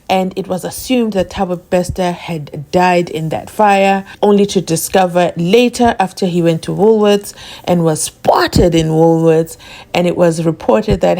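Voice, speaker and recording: A woman's voice: mid-range voice, creaky, darkish tone. A woman hosting a casual commentary vlog, asking rhetorical questions and laughing often. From South Africa. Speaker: channel host.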